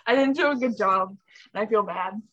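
A woman's voice: mid-range voice, a bit bright, dull audio. A woman voice actor in a casual group chat, playful and self-critical. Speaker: voice actor on the show.

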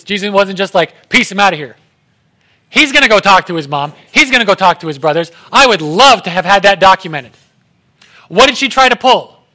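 A young man preaching a casual sermon in an animated way, acting out the voices of the people he quotes. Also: high voice.

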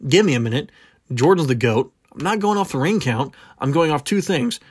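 A man's voice: a little high, lively intonation, brisk, breathy edge, no room sound. Rambling man hosting a sports podcast. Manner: rambling, goes off on tangents and catches himself; blunt, opinionated. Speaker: podcast host. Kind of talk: casual solo sports talk.

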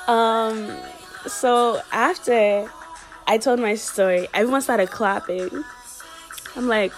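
A woman earnestly telling a personal story, halting and emotional as she speaks. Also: fairly high pitch, soft background music.

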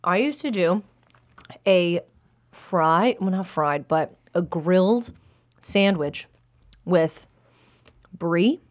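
A woman's voice: fairly low pitch, lively intonation, drawn-out words, long pauses. A woman co-hosting a podcast chats casually, her words muffled as she talks with her mouth full. She laughs often and keeps an easy, conversational pace. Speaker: podcast co-host. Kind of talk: casual chat while tasting snacks. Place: small studio in a black box theater.

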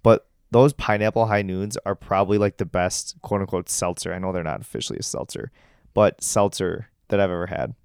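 A man's voice: deep voice, brisk, vocal fry, a little mellow, clear, resonant tone, dry recording, studio quality. A young man co-hosting a podcast at home, talking in a chatty, casual way and laughing easily. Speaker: podcast co-host. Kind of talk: casual chat.

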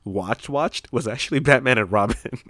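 A man telling stories in casual, profane chat, animated when he tells them. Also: medium pitch, normal speed, no room sound, studio quality.

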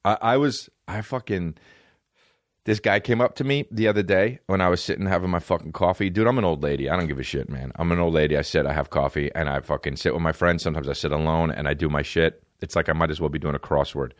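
A man with a very low, deep voice hosts a comedy podcast, rambling from one bit to the next. He swears freely and slips into quick impressions. The sound is dry and close, with no room around it. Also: no echo. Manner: profane, riffing, jumps between bits and impressions.

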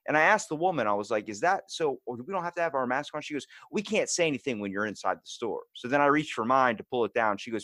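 A man in casual podcast chat, telling animated stories about everyday run-ins. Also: medium pitch, no echo. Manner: fast-talking, animated storytelling. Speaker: podcast guest.

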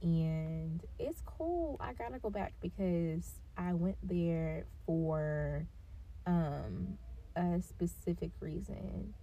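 A woman in her twenties hosting a casual solo podcast, rambling along in a laid-back, giggly way while high, recorded on a built-in device mic instead of her proper one. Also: expressive, takes it slowly, dark tone, dull audio. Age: 20s. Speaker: podcast host.

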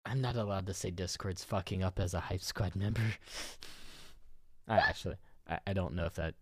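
A woman's voice: extremely low pitch, moderate pace, darkish tone, breathy edge. A woman hosting a podcast, chatting casually and teasing with lots of laughter over a voice call. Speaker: podcast host. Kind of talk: casual chat. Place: home, on a voice call.

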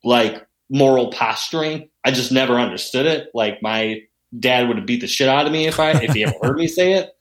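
A man telling stories in a casual chat, animated and heavy on swearing. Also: medium pitch, fairly quick, few pauses. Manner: profane, animated storyteller. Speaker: podcast guest. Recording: roomy echo.

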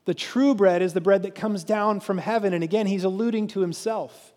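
A pastor preaching a sermon, telling the story with animated crowd voices. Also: male voice, sits high, a little fast, long reverb tail.

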